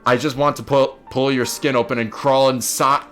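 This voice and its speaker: A man's voice: mid-range voice, level tone, moderate pace, a bit bright, faint music behind, natural voice. A man reading aloud the lines of an obsessive, lovestruck young woman from a video game, in a mostly plain voice.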